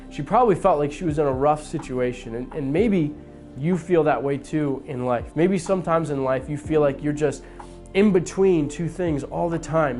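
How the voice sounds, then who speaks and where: A man's voice: a little high, darkish tone. A young man leading a student devotional, retelling a Bible story in a casual, conversational way with plenty of fillers. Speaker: student ministry leader. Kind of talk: youth devotional talk.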